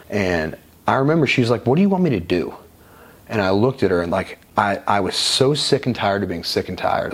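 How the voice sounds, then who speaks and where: A man's voice: low-pitched, breathy edge. A man guest in an interview, telling his own life story in a frank, conversational way with casual swearing. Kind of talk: candid personal storytelling.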